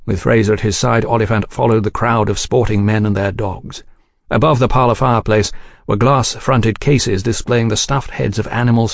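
Man narrating an audiobook, gravelly voice, dry close sound, measured. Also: lowish voice, no room sound. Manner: measured, even reading.

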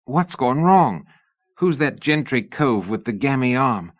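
A man's voice: mid-range voice, big pitch swings, measured pace, highs cut off, voice pushed up. A man reading the lines of an anxious young woman who pleads and questions. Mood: pleading.

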